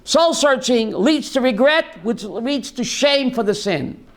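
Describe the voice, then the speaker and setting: A man teaching a lively Torah class as a rabbi, asking his listeners questions and mixing in Hebrew terms. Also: very high voice, unhurried. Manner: animated, asks the audience questions, mixes Hebrew terms.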